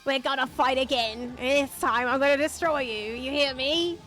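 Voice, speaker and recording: A woman's voice: sits high, moderate pace, a bit bright, faint music behind. A woman voicing a brash, boastful male wrestler villain from a video game, reading his taunts aloud. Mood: taunting.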